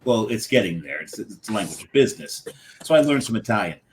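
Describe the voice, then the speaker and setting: A man from the United States co-hosts a relaxed podcast. His voice sits on the low side, and he talks in a chatty, animated way. He laughs easily as he chats. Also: fast talker, slight background noise, poor audio. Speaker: podcast co-host. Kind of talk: casual podcast chat.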